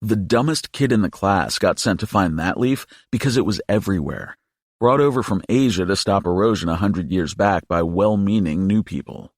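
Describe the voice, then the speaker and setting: A man narrating an audiobook in a steady, measured storytelling voice. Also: low-pitched, no echo, clean studio sound. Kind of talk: scripted narration.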